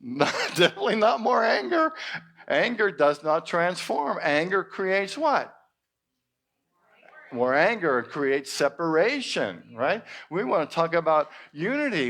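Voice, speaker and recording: A male minister preaching at a church service in an expressive way with playful exclamations. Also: a little high. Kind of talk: sermon.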